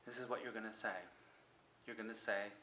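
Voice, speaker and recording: Bright-voiced man coaching in an echoey room. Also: on the low side, little pitch movement, a little fast, slight background noise. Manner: coaxing, repetitive, drops to soft near-whispers. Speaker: self-help coach. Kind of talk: motivational talk to camera.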